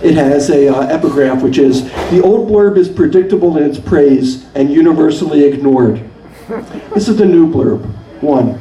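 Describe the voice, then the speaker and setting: A man's voice: on the high side, moderate pace, warm tone, reverberant, distant mic, low-quality recording. A man giving a live poetry reading in a coffee shop, hesitant between poems and dry in his humor. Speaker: poet reading his work.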